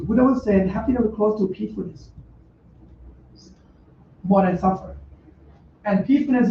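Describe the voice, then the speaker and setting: A high-voiced male monk teaches a Dhamma class in a meditation center hall through an informal dharma talk, blunt and joking in broken English with laughs. The recording is roomy and distant, captured by a dull mic with faint noise.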